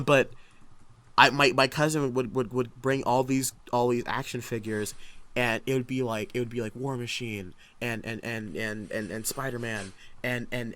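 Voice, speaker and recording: Excitable rambling young man. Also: mid-range voice. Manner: excitable, rambling, full of restarts and fillers. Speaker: podcast co-host. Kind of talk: casual chat.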